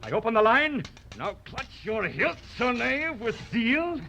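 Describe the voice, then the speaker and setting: A man's voice: very high-pitched, sing-song, a little slow, creaky, pushed and bright, full character voice. An actor playing a proud, mocking poet swordsman with a huge nose, declaiming in theatrical old radio-drama style. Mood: gleeful. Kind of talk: vintage radio drama acting.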